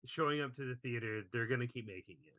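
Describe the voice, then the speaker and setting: Male podcast co-host, easygoing and quick to laugh, bright voice, dry close recording. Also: mid-range voice, no echo. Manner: laughs while reading quotes. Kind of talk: casual chat.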